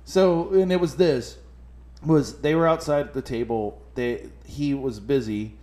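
A man on a podcast in casual chat, telling an animated, profane story full of quoted voices. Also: medium pitch, a little slow. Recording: echoey room.

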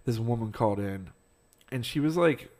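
A man in casual podcast chat with a middle-pitched voice. He tells a story in a rambling way, laughs a lot and swears freely. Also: lively intonation, normal speed, a little mellow. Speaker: podcast co-host.

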